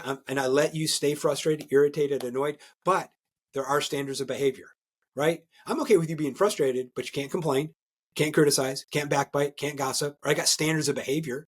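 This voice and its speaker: Husky, fairly high-voiced male coach. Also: brisk. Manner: energetic and emphatic, often tags "right?"; repeats and restarts words when excited. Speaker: executive coach and guest. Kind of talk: conversational podcast interview.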